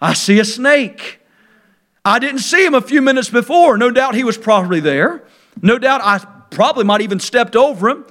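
Guy preaching, real high bright voice, hollers then goes quiet. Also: expressive, fairly quick. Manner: swings between loud shouted emphasis and sudden quiet drops. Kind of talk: sermon.

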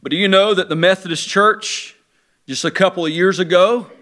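A man delivers a sermon in a strikingly high, bright voice. He is animated, rising into loud emphatic bursts and dropping into low, quiet asides. His tone is sharp and forward. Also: normal speed. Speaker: preacher.

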